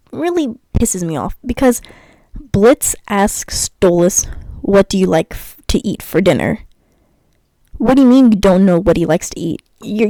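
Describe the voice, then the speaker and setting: Exasperated young woman ranting, sighs a lot, warm tone, dead dry room. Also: mid-range voice, no echo, rough recording. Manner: exasperated, sassy, sighing and stammering. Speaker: YouTuber reviewing a cartoon episode. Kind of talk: ranting commentary while gaming.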